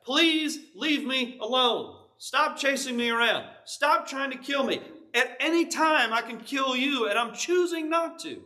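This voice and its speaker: A preacher voicing an earnest young warrior. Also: male voice, very high voice, a little slow, pushed and bright, pitched above the performer's own voice, exaggerated voice. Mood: pleading. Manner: earnest, firm, pleading.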